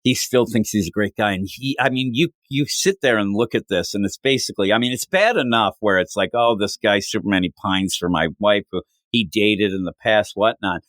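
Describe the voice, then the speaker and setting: A man's voice: a little fast, hardly any pauses, fairly bright tone, no echo. Rambling man with a dry close sound. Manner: rambling, acts out characters' lines with big pitch jumps. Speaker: podcast co-host. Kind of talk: casual chat reviewing comics.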